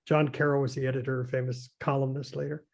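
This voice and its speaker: A man's voice: medium pitch, little pitch movement, fast, gravelly. An older man, a designer, chatting casually and telling anecdotes in a hesitant, rambling way with many fillers and chuckles. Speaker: guest, designer. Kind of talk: casual conversation.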